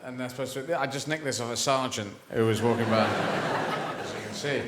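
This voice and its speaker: A man's voice: mid-range voice, normal speed, very noisy. A man doing live stand-up comedy on a theatre stage, rambling and whimsical as he slips into voices. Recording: echoey live venue, loud audience laughter. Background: audience laughter.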